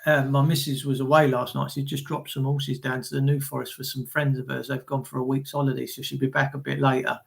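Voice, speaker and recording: A man's voice: mid-range voice, flat delivery, fairly quick, vocal fry, hardly any pauses. A man ranting angrily on a live stream, swearing often, stumbling over his words and reading out comments from viewers. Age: adult with children. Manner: angry, profane, stammering rant. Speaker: livestreamer reading chat.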